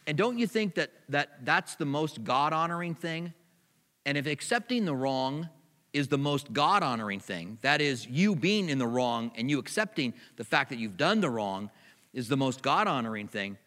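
Bright-voiced male pastor preaching in a hall. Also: on the high side. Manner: conversational preaching with personal stories. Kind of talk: sermon.

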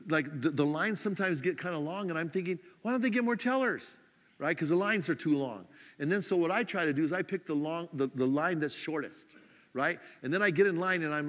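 A man's voice: a little high, fairly bright tone. Self-mocking man preaching in a reverberant hall. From United States. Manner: conversational, self-mocking, acts out his own irritation in quick asides. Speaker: pastor. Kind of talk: sermon.

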